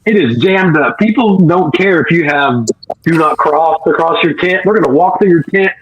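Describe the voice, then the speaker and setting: A man, co-hosting a barbecue chat and telling an animated story, laughing often. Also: a little high, moderate pace, muffled recording, noisy background. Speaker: barbecue podcast co-host.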